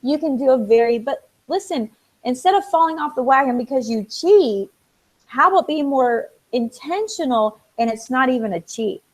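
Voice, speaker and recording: Speaking at a moderate pace in a high-pitched voice, a woman co-hosts a laid-back conversation over a rough recording. She's an animated storyteller who performs the dialogue of whoever she's quoting.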